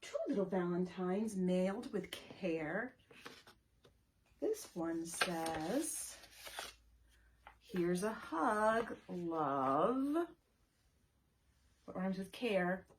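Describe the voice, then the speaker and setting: Librarian lady doing kids story time, slow and singsongy, asks the little ones questions, bit of faint hiss behind. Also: lowish voice. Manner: animated, sing-song, asks children questions. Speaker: children's librarian. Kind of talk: story time for young children.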